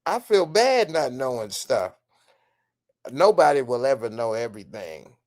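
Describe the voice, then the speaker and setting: A man's voice: mid-range voice, big pitch swings, measured pace, darkish tone. A man hosting a live stream, speaking in an emphatic, ranting way and answering viewer comments in casual commentary.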